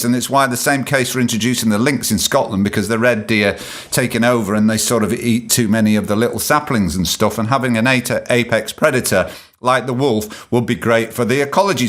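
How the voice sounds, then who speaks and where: A man's voice: medium pitch, fairly bright tone. Sarcastic sweary man ranting. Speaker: podcast host. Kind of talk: ranting solo podcast monologue.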